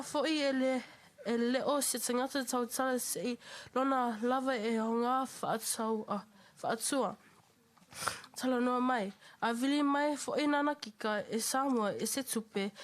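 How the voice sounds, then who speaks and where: A high-pitched young woman speaks at a family funeral service in a chapel. She is emotional and close to tears as she delivers her eulogy, and she stumbles and restarts her words. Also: fairly even intonation. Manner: halting, stumbling over words. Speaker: eldest daughter giving a eulogy.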